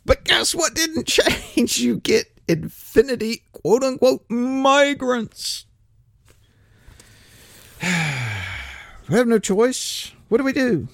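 A man's voice: extremely high pitch, sing-song, extremely slow, gravelly, pauses often, fairly bright tone, no room sound, studio quality. A man delivering a sarcastic, mocking opinion monologue as a political commentator.

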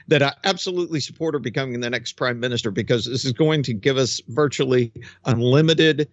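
A man's voice: medium pitch, brisk, no room sound, highs cut off. A man giving sarcastic political commentary, mocking his subject and laughing at his own jokes. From United States.

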